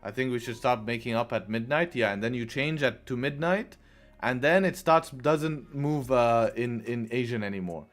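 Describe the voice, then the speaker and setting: A man's voice: medium pitch, moderate pace. A young man hosting a live trading stream, chatting casually and answering viewers' questions as he goes. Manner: laid-back, chatty, reads chat aloud. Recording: faint music behind.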